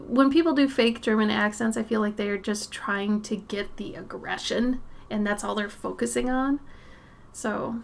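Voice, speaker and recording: A woman chatting casually as she draws on a live stream, thinking aloud, answering chat and sometimes dropping to a soft murmur. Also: medium pitch, moderate pace, vocal fry, a little hiss or hum. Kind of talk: casual chat while drawing.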